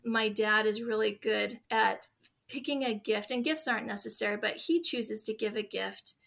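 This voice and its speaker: Bright-voiced woman telling heartfelt stories. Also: medium pitch, moderate pace, gravelly. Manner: earnest, heartfelt storytelling. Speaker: guest. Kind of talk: interview conversation.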